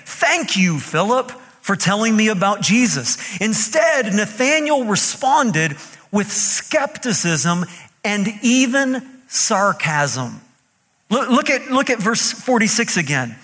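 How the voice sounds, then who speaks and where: A male pastor preaching a sermon to a live congregation in a playful, animated way that draws the listeners in. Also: high-pitched, big-room sound.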